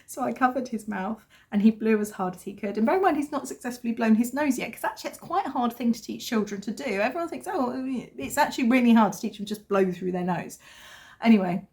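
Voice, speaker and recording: A woman's voice: on the high side, animated, quick pace, darkish tone. A woman in her thirties, a vlogger chatting casually and telling a family story with self-deprecating humour. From England. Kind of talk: casual chat.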